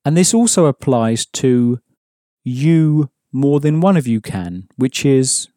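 A man's voice: medium pitch, animated, slow, mellow, no echo, clean studio sound. A man teaching an audio language course, explaining patiently and prompting the listener to answer.

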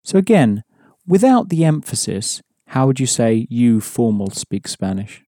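A man's voice: mid-range voice, sing-song, a little slow, dark tone, dry recording, clean studio sound. A man teaching an audio language lesson, patiently explaining rules and prompting the listener.

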